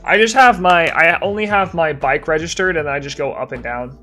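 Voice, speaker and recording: A man's voice: a little high, fairly quick, bright, forceful tone, faint music behind. A young man live-streaming a game, tired and yawning, chatting casually and answering chat while he plays.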